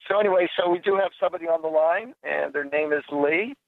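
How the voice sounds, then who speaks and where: A man's voice: on the high side, quick pace, gravelly, no echo. A man hosting a psychic call-in radio show, chatting casually and telling jokes in a rambling way. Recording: dry phone-like sound.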